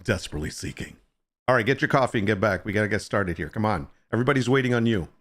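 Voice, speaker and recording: A man's voice: fairly low pitch, very fast, fairly bright tone. A man hosting a casual livestream chat, joking with and teasing viewers and greeting them by name. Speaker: livestream host.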